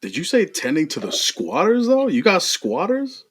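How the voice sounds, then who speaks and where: A man with a mid-pitched, bright, forceful voice that swings up and down a lot, dropping wry, profane jokes in a loose podcast chat. He is recorded over a remote call. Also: huge pitch swings, moderate pace, husky, dry recording. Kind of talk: casual chat.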